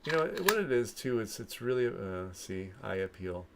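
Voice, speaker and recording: A man's voice: fairly low pitch, lively intonation, moderate pace, background noise. A man from Florida with a New York accent, rambling casually to viewers as he sorts through coins and trails off mid-sentence. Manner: laid-back, talks to himself, trails off mid-sentence. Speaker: coin collecting channel host. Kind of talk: rambling casual commentary while sorting coins. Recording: loud clinking coins and typing close by. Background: coins dropping and keyboard typing.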